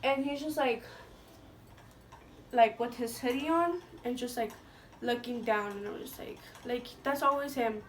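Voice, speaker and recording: A woman's voice: a little high, unhurried, long pauses, slight background noise. A young woman vlogger chatting through a storytime, swearing freely, leaning on "like" and dropping Spanish slang. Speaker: beauty vlogger telling a story. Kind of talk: casual storytime monologue. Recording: voice a bit distant from the mic.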